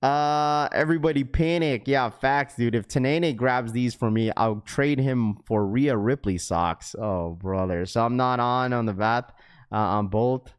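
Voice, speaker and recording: A young man livestreaming to his chat in a casual, slangy way, getting excited and repeating himself. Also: medium pitch, a little slow, clean tone. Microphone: webcam setup.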